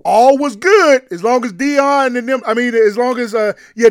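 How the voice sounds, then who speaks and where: Man, very high voice, dry close sound, animated slangy sports talk co-host. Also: normal speed, few pauses, smooth, dry recording. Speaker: radio show co-host.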